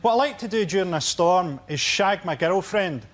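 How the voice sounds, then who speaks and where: High-voiced man with wry one-liners. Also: lively intonation, moderate pace, a bit bright. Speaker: panel comedian. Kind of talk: stand-up jokes.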